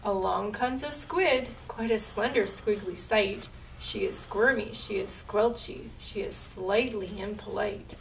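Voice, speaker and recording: A woman librarian reading a picture book aloud at storytime, in a slow rhythmic rhyme, recorded from a distance in a library with faint noise. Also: mid-range voice, gravelly. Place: public library.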